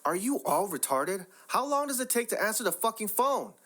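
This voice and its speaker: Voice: mid-range voice, sing-song, moderate pace, bright, forceful tone, pitched above the performer's own voice. A reader voicing a rude, foul-mouthed, demanding woman customer in a narrated story. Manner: curt, profane, demanding.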